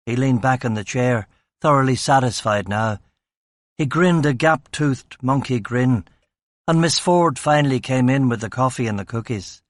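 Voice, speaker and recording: Guy reading a crime audiobook, dry deadpan narration, mid-pitched, no room sound at all. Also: moderate pace, no echo. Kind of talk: first-person audiobook narration.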